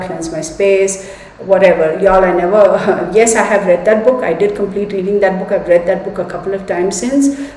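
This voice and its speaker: A woman's voice: lowish voice, a little mellow. A woman hosting a tarot live stream, rambling through a personal story and talking straight to her viewers. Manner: chatty, rambling, addresses viewers as "y'all". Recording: echoey room.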